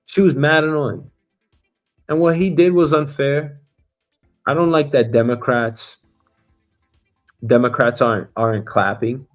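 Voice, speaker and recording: A man hosting a casual news commentary show, talking bluntly and profanely with animated asides. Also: mid-range voice, unhurried, long pauses, soft background music. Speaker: show host.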